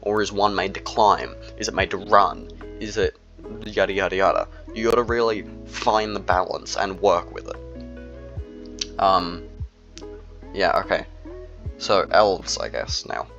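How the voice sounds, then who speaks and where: A man's voice: deep voice, expressive, measured pace, gravelly, long pauses, a bit bright, faint music behind. A young man in a casual, rambling monologue, full of fillers and slang. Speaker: solo video creator. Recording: dull lo-fi recording.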